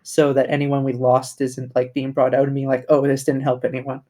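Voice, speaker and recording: A man's voice: medium pitch, monotone, normal speed, a little mellow. A man playing a tabletop game, rambling and thinking aloud. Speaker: player. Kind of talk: casual tabletop game talk.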